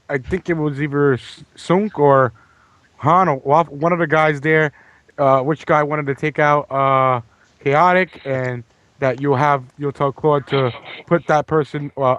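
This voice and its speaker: A man's voice: fairly high pitch, steady tone, measured pace, fairly bright tone, smooth, no echo. Hesitant man, dry close sound. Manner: hesitant, many fillers.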